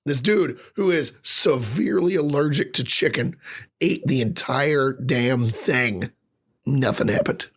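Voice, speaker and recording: A man with a husky, rough-edged voice rants his way through a casual podcast chat. He swears freely and gets worked up, his speaking pitch sitting in an ordinary middle range. The roughness comes from a voice still recovering. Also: a little slow. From Ireland. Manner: animated ranting with frequent swearing. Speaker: podcast co-host.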